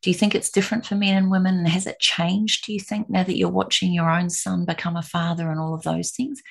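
A woman's voice: on the low side, level tone, fairly quick, creaky, slight background noise. A woman hosting an interview, asking long, rambling questions. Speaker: host.

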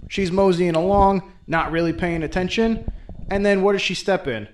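A man retells a folktale as host, with a fairly high voice and an irreverent, profane, wisecracking delivery. His comedic asides come in a casual talking tone. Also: moderate pace, background noise. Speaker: host and storyteller. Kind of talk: comedic folklore storytelling.

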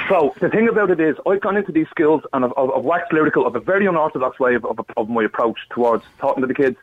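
A man with an Irish accent calling into a radio show, telling his own story in an earnest, rushed way. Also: mid-range voice, breathy edge. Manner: earnest, rushed, tumbling words. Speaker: phone-in caller. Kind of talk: emotional personal testimony. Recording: phone line.

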